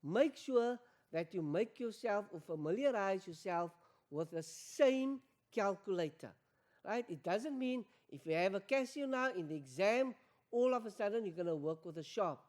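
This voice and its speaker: A woman's voice: medium pitch, lively intonation, normal speed, a little mellow. A woman teaching an exam revision maths lesson, repeating key points and quizzing learners with questions. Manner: addresses learners as guys.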